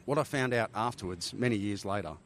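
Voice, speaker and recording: Australian male ex-pilot guest, middle-aged, low pitch, lively storyteller, light background noise. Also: fast. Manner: animated war-story telling, frequent "right?" tags. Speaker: guest, former army helicopter pilot. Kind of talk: casual storytelling interview.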